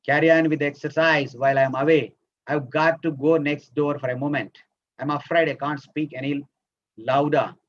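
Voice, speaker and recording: A man's voice: a little high, fairly even intonation, normal speed, muffled recording. Man drilling classroom phrases. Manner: repeats phrases in a drilling, explanatory way. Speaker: teacher trainer. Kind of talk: spoken English lesson for teachers.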